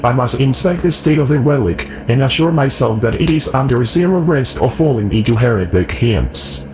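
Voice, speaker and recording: A man's voice: medium pitch, expressive, moderate pace, natural voice. A man voicing a cold, formal male tech-priest magus in a video game, speaking in clipped, mechanical phrases. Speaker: game character.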